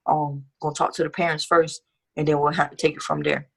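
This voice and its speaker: A woman's voice: sits low, little pitch movement, fairly quick, gravelly, a bit bright, husky. A young woman guest telling her life story in a casual interview, candid and profane with street slang.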